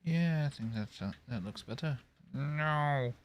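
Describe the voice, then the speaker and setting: In a casual gameplay video, a man with a dark, mid-range voice talks animatedly at normal speed while playing a building game. He rambles to himself, walking through each step as he builds.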